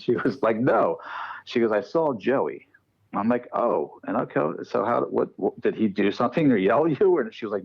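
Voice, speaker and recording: A man's voice: low-pitched, vocal fry, breathy edge, lo-fi sound. A man telling paranormal stories casually on a podcast, acting out the voices of the people in them. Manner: animated, acts out quoted dialogue. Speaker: podcast guest, paranormal researcher. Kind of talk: casual storytelling.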